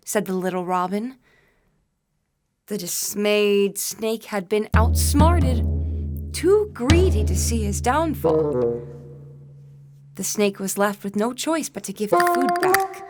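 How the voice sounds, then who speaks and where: A woman narrating a children's story as part of a concert piece, reading slowly and deliberately. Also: lively intonation. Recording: voice over loud bassoon and percussion music.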